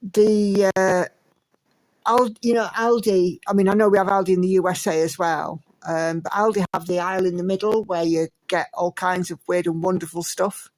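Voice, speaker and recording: A woman's voice: fairly low pitch, steady tone, moderate pace, a little mellow, low-quality recording. An English woman hosting a livestream, chatting and reading out viewer comments with lots of fillers. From England. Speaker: livestream host.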